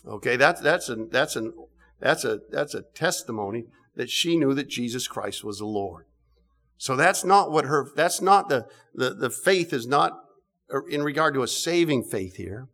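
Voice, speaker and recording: A middle-aged man preaching a sermon, animated, with emphatic bursts and frequent restarts. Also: medium pitch, normal speed.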